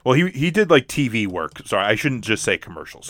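A man's voice: on the low side, sing-song, brisk, a bit bright, no room sound, clean studio sound. A man co-hosting a casual movie talk, rambling with many restarts and fillers. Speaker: podcast co-host.

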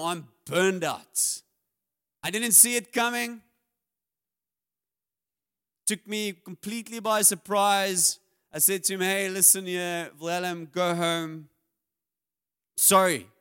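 A man's voice: sits high, fairly bright tone, clear, resonant tone. A man, preaching a sermon as a pastor in a candid, confessional way with self-deprecating humor.

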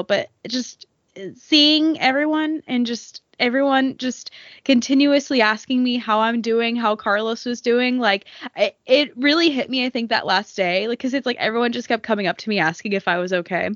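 A woman's voice: a little high, moderate pace, a bit bright, no echo, muffled recording. Emotional woman rambling on a podcast. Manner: emotional, rambling, heavy swearing and filler words. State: tearful. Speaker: podcast co-host. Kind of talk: casual chat.

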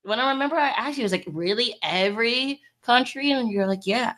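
A woman co-hosting a podcast, teasing her co-hosts and asking quick questions in casual chat. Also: on the high side, a bit bright. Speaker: podcast co-host.

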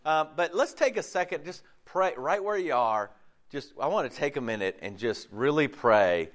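A male pastor giving a casual sermon, his voice hoarse and deeper than usual from a lost voice, rambling with many fillers and restarts before a congregation. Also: lively intonation, moderate pace, a bit bright. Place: church service before a congregation.

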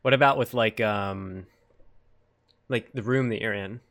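A man's voice: fairly low pitch, measured pace, vocal fry, fairly bright tone. An American man hosting a podcast, chatting casually, reading out listener questions with curiosity and frequent laughs. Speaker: podcast host. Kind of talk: casual interview chat.

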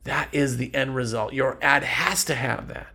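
A man hosting a podcast, giving casual business advice and acting out quick dialogues between customers and salespeople. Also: mid-range voice, vocal fry, bright, forceful tone, breathy edge. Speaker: podcast host.

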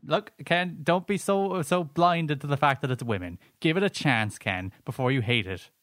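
A man co-hosting a podcast, bantering casually and giving his opinions quickly. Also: a little high, fairly bright tone, dry recording, clean studio sound. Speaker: podcast co-host.

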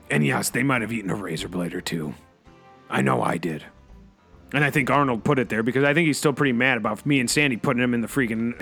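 A man hosting a comedy radio show, delivering a rambling in-character monologue full of a repeated catchphrase, swinging between loud outbursts and low asides. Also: vocal fry, breathy edge. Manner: peppers every sentence with a repeated catchphrase.

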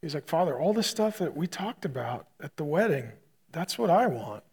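A male pastor preaching, retelling a hospital story with loud punchy bursts that drop to a quiet hush. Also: on the high side, sing-song, moderate pace, slightly rough. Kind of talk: sermon storytelling.

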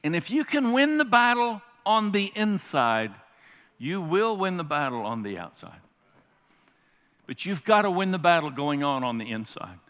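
A man's voice: high-pitched, animated, moderate pace, a bit bright. A man preaching a sermon as pastor, emphatic and often putting questions to the congregation. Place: large church sanctuary. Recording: reverberant church hall.

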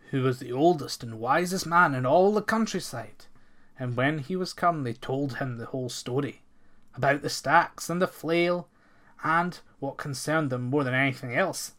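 A man narrating a folk tale in a steady, measured storybook reading. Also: medium pitch.

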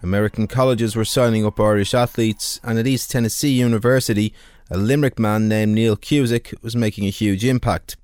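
Measured documentary narrator, dry studio. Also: male voice, lowish voice, no room sound. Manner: steady, measured delivery. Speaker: documentary presenter. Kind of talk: scripted radio narration. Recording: dry studio voice over faint music.

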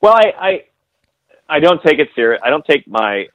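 A man's voice: a little high, sing-song, normal speed, a bit bright, no room sound. A man being interviewed as a guest photographer, talking in long rambling stories full of restarts and fillers. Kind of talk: casual interview chat. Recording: slightly dull, dry podcast audio.

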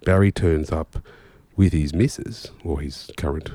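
A man's voice: very deep voice, a little slow, warm tone, no echo. A man, a musician, telling rambling anecdotes in casual chat and swearing freely. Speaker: musician guest.

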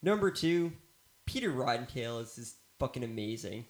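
A man's voice: medium pitch, animated, moderate pace. Male co-host, mid-range voice, dry humor, filler-heavy. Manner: dry, joking asides with many fillers. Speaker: movie review co-host. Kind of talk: casual chat.

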